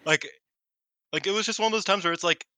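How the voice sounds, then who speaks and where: A man co-hosting a podcast in casual chat, excited and laughing as he talks. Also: high voice, fast, dry recording. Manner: excited, laughing, swearing freely. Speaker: podcast co-host.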